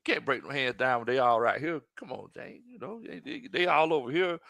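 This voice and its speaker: A man's voice: mid-range voice, lively intonation, fairly quick, gravelly, fairly bright tone, no echo. A man co-hosting a casual sports roundtable, laughing and teasing in loose slang. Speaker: podcast co-host.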